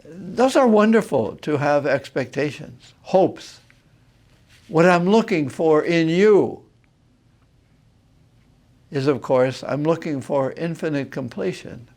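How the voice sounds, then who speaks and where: A man, a Jesuit priest, giving a reflective teaching talk on marriage, thoughtful and unhurried, pausing to find his words. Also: fairly high pitch, lively intonation, darkish tone. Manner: unhurried, thoughtful, pauses with filler sounds. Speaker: Jesuit priest and retreat master.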